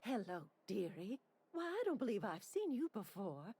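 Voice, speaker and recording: Auntie Abigail, a syrupy doting auntie. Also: female voice, medium pitch, sing-song, moderate pace, mellow, breathy edge. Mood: sugary. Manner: fawning, sugary, calls everyone dearie. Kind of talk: video game voice acting.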